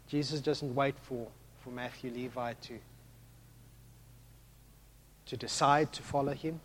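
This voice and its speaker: A man preaching a sermon as a pastor, animated and swinging from hushed to loud. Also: medium pitch, slight background noise.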